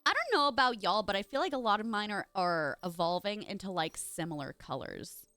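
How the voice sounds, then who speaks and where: Young female streamer, chatty and gushing, high lively voice, dry close sound. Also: brisk, no echo, soft background music. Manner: gushing, chatty, talks straight to chat. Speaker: live streamer. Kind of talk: casual live-stream chat while gaming.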